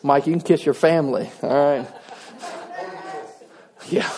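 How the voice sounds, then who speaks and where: A man's voice: on the high side, steady tone, unhurried, a little mellow, slight background noise. A middle-aged man, preaching a sermon in a folksy, conversational way with touches of humor. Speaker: pastor.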